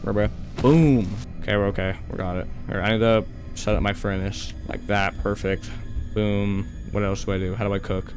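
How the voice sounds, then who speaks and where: Music plays in the background as a young man with a lowish voice and flat delivery comments casually on a horror game. A gaming YouTuber, he chats in slang, speaks to the creatures he encounters, and yelps and speeds up when scared.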